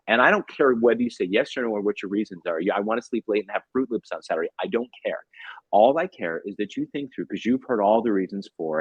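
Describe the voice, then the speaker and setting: A man in his fifties, a tutor and author, telling a story as a podcast guest in a lively way, acting out bits of dialogue and often repeating words. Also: lowish voice, husky, no echo, muffled recording.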